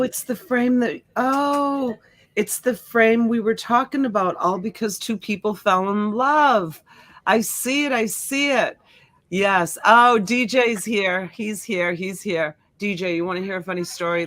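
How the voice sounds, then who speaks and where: A woman's voice: medium pitch, a little slow, no room sound. Chatty woman hosting a livestream. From born in Sicily, raised in the US. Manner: chatty, greets viewers warmly by name. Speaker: livestream host. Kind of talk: casual livestream chat. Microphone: desk USB mic.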